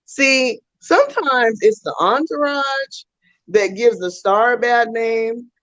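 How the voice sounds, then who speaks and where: A woman co-hosting a talk show, telling a story in a casual, animated way and acting out the voices. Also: a little high, takes it slowly, dry recording. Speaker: co-host.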